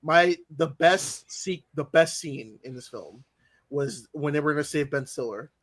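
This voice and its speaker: A man's voice: fairly high pitch, measured pace. A man hosting a casual film review chat, rambling and opinionated with many fillers. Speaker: podcast host. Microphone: remote call mic.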